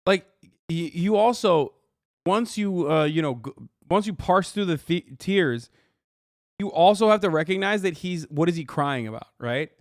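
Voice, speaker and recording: A man reacts on stream in a loose, profane way, mocking and disbelieving. His voice sits a bit high and sounds dry and close, with little room around it. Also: animated, moderate pace, no room sound. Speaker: streamer host. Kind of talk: reaction commentary.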